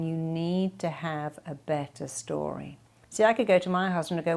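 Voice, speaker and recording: A woman's voice: lowish voice, moderate pace, darkish tone. A middle-aged woman giving self-help advice straight to camera, in an emphatic way, often acting out quoted speech. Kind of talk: direct-to-camera advice talk.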